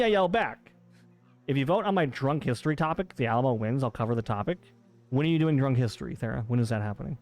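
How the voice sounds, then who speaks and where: A man live-streaming a game, ribbing his chat with playful mock outrage. His pitch sits right in the middle for a man. Soft game music hums faintly behind him. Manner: playful, teasing banter with chat.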